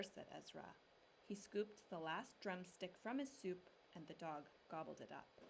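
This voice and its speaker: A woman teacher calmly reading a picture book aloud to young children, dropping low and soft on the "he said" tags. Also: moderate pace, gravelly, a little hiss or hum.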